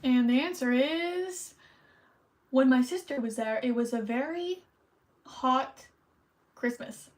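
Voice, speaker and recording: High-voiced chatty woman streamer. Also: slow, long pauses, rough recording. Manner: chatty, rambling, self-conscious. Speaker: streamer hosting trivia. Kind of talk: casual livestream chat.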